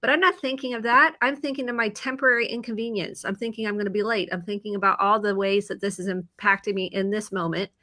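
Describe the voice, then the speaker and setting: A woman therapist with a Midwestern American accent, calmly explaining and acting out inner thoughts in a casual video chat. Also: mid-range voice, fast talker, few pauses. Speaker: therapist guest. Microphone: video call.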